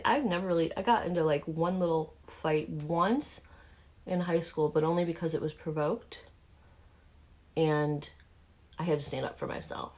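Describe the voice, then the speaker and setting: A woman's voice: low voice, creaky, a little mellow. A woman in her forties with a Southern accent, talking candidly and rambling through fillers while doing her makeup. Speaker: beauty vlogger.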